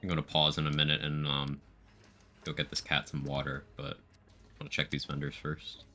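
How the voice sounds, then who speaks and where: A man's voice: a bass voice, completely flat delivery, normal speed, pushed and bright, soft background music. A man streaming a video game, chatting casually about gear and reading out viewer comments as he plays. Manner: chatty, reads out viewer chat while playing.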